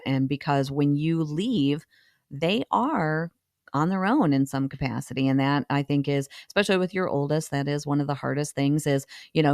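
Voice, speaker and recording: A middle-aged woman, a teacher and podcast guest, giving calm practical advice in casual conversation. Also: deep voice, dry recording, clean studio sound.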